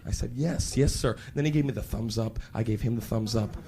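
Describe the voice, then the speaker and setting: A young man doing stand-up comedy, telling a story with excitable, animated energy and sudden shouted outbursts. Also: fast, slight background noise. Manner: excitable and animated, jumps into shouted high voices.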